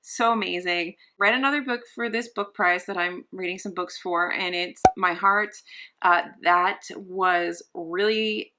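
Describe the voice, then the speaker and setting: A woman's voice: fairly low pitch, steady tone, measured pace, very noisy. A young woman vlogging casually from her sofa at home, rambling and gushing with many restarts. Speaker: book vlogger. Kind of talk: casual vlog chat.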